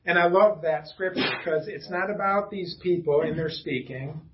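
Chatty pastor, slightly high, lo-fi. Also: male voice, normal speed. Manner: casual and chatty, with self-deprecating asides and frequent restarts. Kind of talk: conversational sermon. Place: church room with a small congregation.

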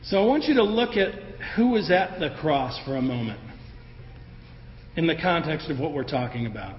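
A man preaching a sermon in a conversational, animated way, acting out the voices of the people in his story. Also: on the high side, normal speed, a little hiss or hum. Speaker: pastor. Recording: roomy hall with long echo, dull sound, faint ambience.

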